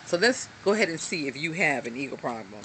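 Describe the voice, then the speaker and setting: A woman's voice: deep voice, very animated, fast talker, bright, forceful tone, slight background noise. A woman giving an earnest, encouraging self-help talk to a hand-held camera, reading from a book with frequent ums and asides. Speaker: motivational self-help speaker. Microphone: self-filmed, camera held in hand at arm's length.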